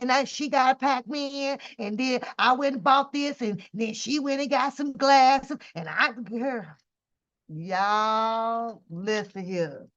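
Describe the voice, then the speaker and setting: Slow, drawling woman with muffled audio. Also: sits high, a bit bright. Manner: drawling, profane, mocking, laughs often. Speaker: reaction channel host. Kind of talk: casual livestream commentary. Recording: dull lo-fi home stream audio.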